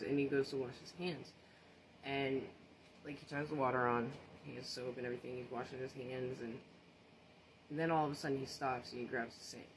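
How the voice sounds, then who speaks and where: A man's voice: mid-range voice, low-quality recording. A man casually recounting a personal story, earnest and shaken, often restarting and repeating phrases. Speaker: social media storyteller. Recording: noticeable background noise.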